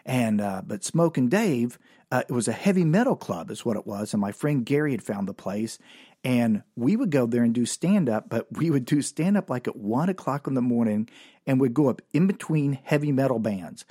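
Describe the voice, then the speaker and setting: A man's voice: mid-range voice, animated, normal speed, mellow, breathy edge, no echo, studio quality. A man hosting a podcast and telling his own comedy stories from memory, rambling and self-deprecating with lots of fillers. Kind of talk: comic storytelling from memory.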